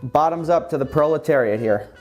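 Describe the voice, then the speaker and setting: A man's voice: a little high, fairly quick, darkish tone, dull audio, faint music behind. Man in a sarcastic mock-guru monologue. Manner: mock-humble, sarcastic, boastful guru act. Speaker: YouTuber. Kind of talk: comedic parody monologue.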